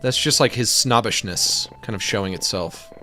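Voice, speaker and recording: This streamer has a lowish, bright voice with a forceful tone, speaking at normal speed against faint background music. He draws while giving loose, rambling commentary full of jokes and profanity.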